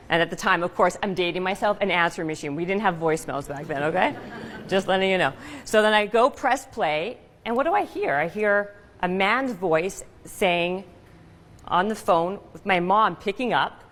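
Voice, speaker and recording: A woman giving a stage talk, telling a personal story in a lively, punchy way with rhetorical questions. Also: on the low side, unhurried, big-room sound.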